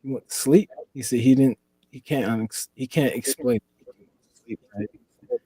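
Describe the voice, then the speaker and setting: A man from the Four Corners region of the US, appearing as a podcast guest, tells a long, rambling story and keeps leaning on "you know." His mid-range voice is dark and a little slow, with a breathy edge. The recording is rough but has no echo.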